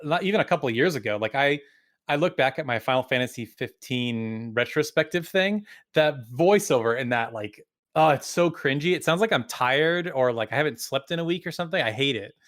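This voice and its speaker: Young male game reviewer, relaxed podcast banter, mid-range voice. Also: mid-range voice, brisk. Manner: relaxed, laughs often, many filler "like"s. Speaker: game reviewer and video creator. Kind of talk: casual podcast chat.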